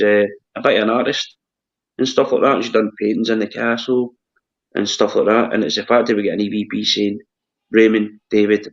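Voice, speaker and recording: A low-pitched Scottish man hosts a relaxed chat, stopping and restarting his words often. The recording sounds dull and lo-fi. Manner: hesitant, repeats words. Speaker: host. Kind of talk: casual chat.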